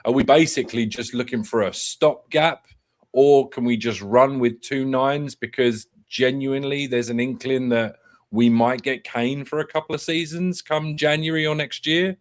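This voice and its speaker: A man hosts a football fan show in a loose, chatty way. He fires off strings of questions and talks ideas through as they come to him. His pitch sits in the middle range. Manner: animated, thinks aloud in rapid questions. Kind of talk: casual football chat.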